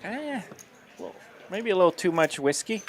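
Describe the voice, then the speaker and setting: A man's voice: sits high, big pitch swings, moderate pace. A man calling live poker play-by-play in an upbeat manner, laughing easily. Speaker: poker commentator.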